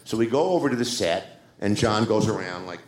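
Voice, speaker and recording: A man with a lowish voice tells a long behind-the-scenes story and acts out the other people in it. His delivery is animated. The room around him is echoey. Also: fairly quick. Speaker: screenwriter guest. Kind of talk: anecdotal storytelling. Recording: roomy echo.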